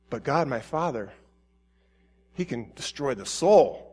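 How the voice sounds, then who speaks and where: A man preaching a sermon, reading scripture and acting out biblical figures with rising pleading intensity, then dropping to soft tender tones. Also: mid-range voice, measured pace, pauses often, husky.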